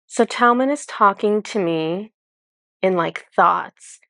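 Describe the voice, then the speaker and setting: A woman's voice: lowish voice, slow pace, creaky, long pauses, a bit bright, no room sound, studio quality. A rambling, searching woman channeler. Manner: rambling, searching for words, many "like" fillers. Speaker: spiritual channeler. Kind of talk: casual spiritual explanation.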